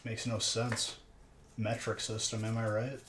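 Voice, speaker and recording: A man's voice: on the low side, monotone, measured pace. A man hosting a live stream, chatting and joking with viewers in a rambling way late at night. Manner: rambling, joking banter with chat. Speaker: live-stream host opening card packs. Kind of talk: casual live-stream chat. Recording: echoey room with background noise.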